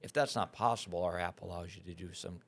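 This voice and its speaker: A man's voice: sits low, fairly even intonation, fast talker, slightly rough. A middle-aged man, a guest on a podcast, chatting casually and confidently explaining his work in short punchy phrases. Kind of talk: casual chat.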